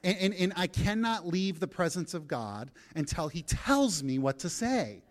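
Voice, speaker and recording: High-voiced preacher, animated and storytelling. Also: male voice, unhurried. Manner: storytelling, acts out his own prayers, swings from soft to emphatic. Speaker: pastor. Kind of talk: sermon.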